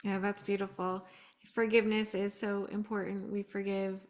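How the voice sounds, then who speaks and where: A woman host who answers her guest in a gentle, affirming way. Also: mid-range voice, flat delivery, normal speed.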